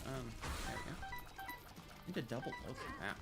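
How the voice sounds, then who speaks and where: Animated male streamer swearing over music. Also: mid-range voice, a little fast. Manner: excitable, talks to himself, swears freely. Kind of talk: live gameplay commentary. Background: game music.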